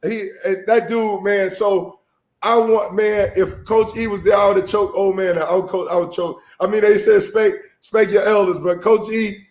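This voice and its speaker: A man from South Florida talking sports with a high, lively voice that keeps exclaiming and joking. His voice rings with a noticeable echo, as if in a bare, roomy space. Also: normal speed. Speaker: co-host. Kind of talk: casual sports talk.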